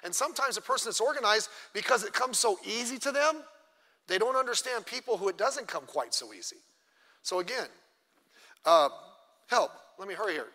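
With big pitch swings and a slightly fast pace, this middle-aged pastor's high voice comes across pushed and bright. He teaches a church class chattily, making fun of himself and performing little quotes, recorded with long church hall reverb.

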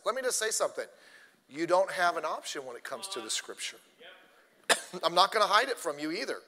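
Animated high-voiced male preacher. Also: big-room sound. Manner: animated storytelling, addresses the congregation. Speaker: pastor. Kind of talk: sermon.

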